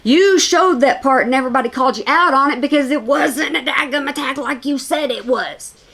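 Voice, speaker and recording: A woman's voice: high-pitched, brisk, creaky, a bit bright. A woman giving reaction commentary, emphatic and scornful, repeating her points for stress. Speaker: commentary YouTuber. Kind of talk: reaction commentary on video clips.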